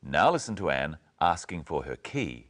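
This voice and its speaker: A man with a deep voice presents an English lesson. His speech moves up and down expressively as he carefully models each phrase. The delivery is slow and deliberate. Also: very animated, background noise. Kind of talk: slow, clear teaching narration.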